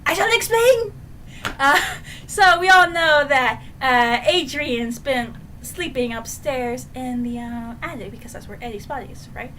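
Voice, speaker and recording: A high-pitched woman talks through a book in a casual review, her voice bright and sharp. She gets excitable, acting out scenes with shouts and sound effects. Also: measured pace, a little hiss or hum.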